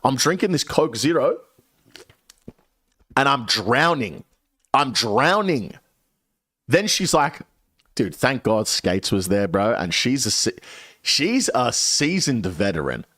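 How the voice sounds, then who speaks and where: A young man spins a story on stream, with his pitch swooping up and down as he swears his way through it. The sound is dry and close, with no room around his voice. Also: slow, pauses often, no echo. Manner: animated, swears a lot. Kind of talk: casual storytelling.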